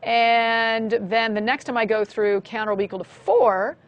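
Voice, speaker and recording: A woman's voice: a little high, fairly even intonation, normal speed, lo-fi sound. A woman co-hosting a programming lesson on a live stream, explaining code steadily, one step at a time. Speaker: co-host, programming instructor.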